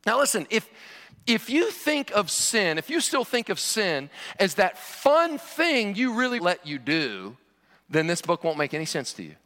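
A man's voice: high-pitched, big pitch swings, a little slow, sharp tone. A man preaching a sermon to his church in a conversational way, with joking asides. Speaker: pastor. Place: church sanctuary. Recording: long reverb of a large hall.

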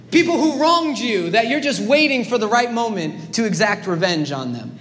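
A man with a high voice preaches a sermon in an earnest, emphatic way, now and then restarting his words. His voice rings out with a long hall reverb, over faint background noise. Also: a bit bright.

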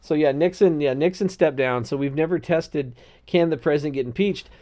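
A man co-hosting a podcast in loose, rambling casual chat, laughing often and breaking into loud excited bursts. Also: a little high, brisk. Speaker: podcast co-host.

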